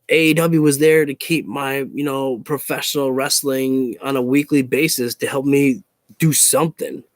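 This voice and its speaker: A man's voice: medium pitch, no echo. A man in a casual opinion rant to camera as a wrestling YouTuber, frustrated, swearing and repeating himself.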